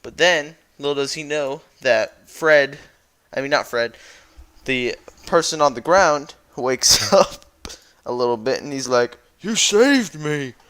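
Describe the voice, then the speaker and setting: A man's voice: medium pitch, unhurried, fairly bright tone, clear, resonant tone. A man who jokingly recaps a story as a YouTuber, rambling and correcting himself as he goes. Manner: rambling, playful, self-correcting.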